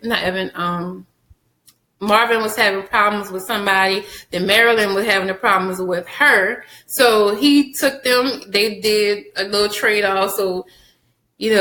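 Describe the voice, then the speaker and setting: A woman recapping a TV episode for her viewers, chatty and animated, addressing them directly and laughing often. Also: medium pitch, reverberant, low-quality recording. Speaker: TV show reviewer.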